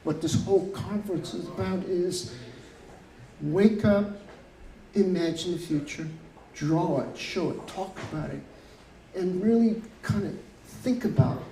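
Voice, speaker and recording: An older man, an urban planner, telling animated stories at a conference. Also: high voice. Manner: animated, chatty storyteller. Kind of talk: storytelling presentation. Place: conference room. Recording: echoey room with faint noise.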